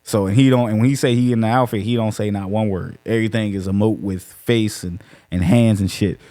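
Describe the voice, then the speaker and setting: Animated, swearing man telling a story. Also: on the low side, brisk. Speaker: podcast panelist. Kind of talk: casual profane chat.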